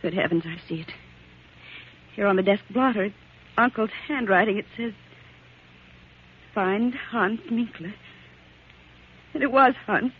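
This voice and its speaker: A woman's voice: mid-range voice, measured pace, long pauses, slightly rough. An actress in a 1940s radio drama playing a young woman whose uncle was murdered, with an anxious, pleading delivery that comes close to tears. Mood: distraught. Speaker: niece of a murder victim. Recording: tinny old radio broadcast, faint hiss.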